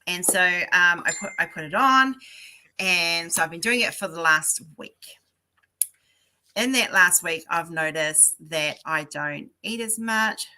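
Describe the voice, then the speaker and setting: A woman's voice: fairly low pitch, unhurried, pushed and bright. A woman hosting a casual livestream chat, greeting viewers by name and telling stories. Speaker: livestream host.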